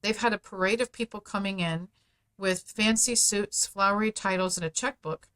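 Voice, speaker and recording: Casting: middle-aged woman, podcast guest, mid-pitched voice, forceful and persuasive, presses hard on key points. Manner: emphatic, persuasive, speeds up and slows for stress. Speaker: guest, founder of a parents' advocacy group. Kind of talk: podcast interview.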